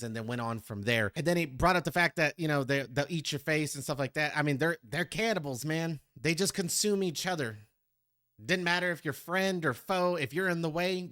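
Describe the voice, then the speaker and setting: A man's voice: fairly high pitch, fairly bright tone, dry recording, clean studio sound. A man hosting a music reaction video, talking reflectively and directly to his viewers. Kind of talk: casual reaction commentary.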